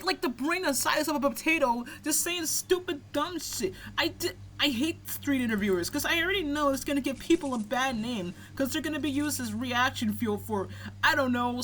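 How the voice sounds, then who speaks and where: A woman's voice: high-pitched, fairly bright tone, slight background noise. A young American woman chatting casually while playing a video game, laughing often and swearing freely. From United States. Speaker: let's play co-host. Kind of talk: casual gaming banter.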